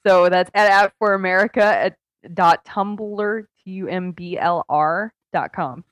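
Loud young woman, excitable podcast co-host, laughs a lot, dry close sound, Skype call. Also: mid-range voice, unhurried, no room sound. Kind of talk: casual comedic podcast chat.

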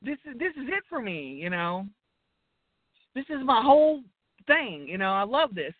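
A woman's voice: fairly high pitch, very animated, moderate pace, no room sound. Woman, profane rambling rant, dry, tinny phone line. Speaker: co-host. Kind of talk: casual wrestling talk.

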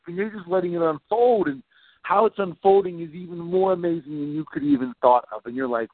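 A man host leading a guided visualization, slow, soothing and encouraging. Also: a little high, gravelly, no room sound. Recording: tinny phone-like line.

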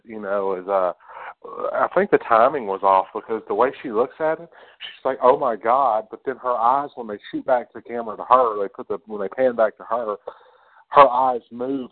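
A man's voice: medium pitch, no echo. A man co-hosting a podcast who talks about a movie in casual chat, stammering at times and eager to share behind-the-scenes trivia. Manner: stammering, enthusiastic, trivia-minded. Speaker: podcast co-host. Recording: tinny phone-like, dry sound.

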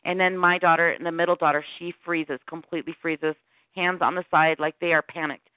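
Woman, middle-aged, podcast guest, animated storytelling, tinny phone audio, dry sound. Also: on the low side, a little fast, clean tone, dry recording. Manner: animated storytelling with quoted dialogue. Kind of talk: recounting a personal encounter. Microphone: phone call.

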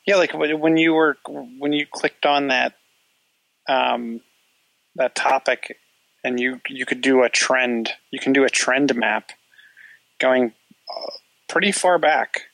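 A man with a gravelly, mid-pitched voice co-hosts a tech podcast. He speaks casually and haltingly, often restarting his sentences. The sound is dry and close-miked. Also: a bit bright, no room sound, low-quality recording. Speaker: podcast co-host.

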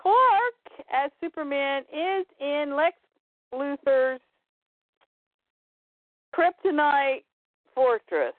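In a casual comics recap, a podcast co-host with a high voice briefly acts out characters' dialogue in fast, lively voices. The recording is echo-free, dry and phone-like.

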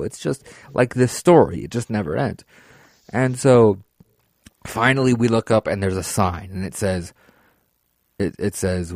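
A man hosting a podcast, telling a long story in a rambling, excitable way with frequent swearing. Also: lowish voice, unhurried, dry recording, clean studio sound. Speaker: podcast host. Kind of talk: casual storytelling.

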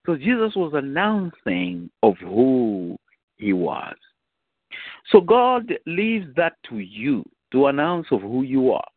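A man's voice: mid-range voice, big pitch swings, slow, no room sound. Preaching man on a tinny phone line. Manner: conversational preaching with frequent "you know" and repetition. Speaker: bishop preaching. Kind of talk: sermon.

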